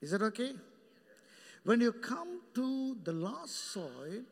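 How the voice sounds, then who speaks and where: A male pastor preaching a sermon, animated and joking with the congregation by name. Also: very high voice, slow pace, slightly rough, long reverb tail. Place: church hall.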